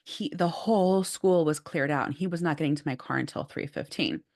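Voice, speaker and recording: A woman co-hosting a podcast, telling a story in casual chat with lively, animated delivery and plenty of filler "like"s. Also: deep voice, brisk. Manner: animated, acts out quotes, says "like" often. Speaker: podcast co-host.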